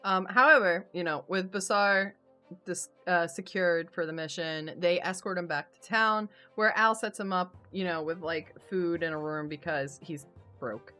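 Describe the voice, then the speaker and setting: A woman's voice: lowish voice, measured pace, sharp tone, soft background music. A woman author hosting a casual live-stream book chat, chatty and laughing often, with casual swearing. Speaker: author and host.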